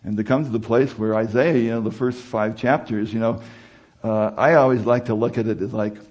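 Male preacher, middle-aged, slightly breathy tone, mixes chatty asides with emphatic declarations. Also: on the low side, fairly even intonation, brisk, darkish tone, muffled recording. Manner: conversational preaching, rising to emphatic peaks. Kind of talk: sermon.

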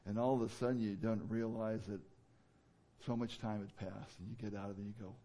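A man preaching a sermon in a conversational way, with many fillers, who now and then rises into loud, emphatic bursts. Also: lowish voice, level tone, a little fast. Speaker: pastor.

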